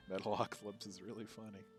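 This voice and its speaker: A man's voice: lowish voice, level tone, fairly quick, soft background music. A man chatting casually with friends during a game stream, rambling, cursing and laughing as he tells stories. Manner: profane, laughing, rambling storyteller. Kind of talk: casual chat while gaming.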